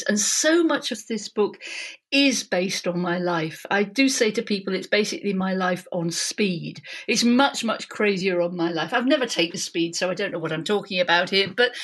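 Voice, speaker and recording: A woman, an author and vicar, telling personal stories with lively emotion in an interview. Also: medium pitch. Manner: animated, emotional storytelling. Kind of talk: interview conversation. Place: Devon, England.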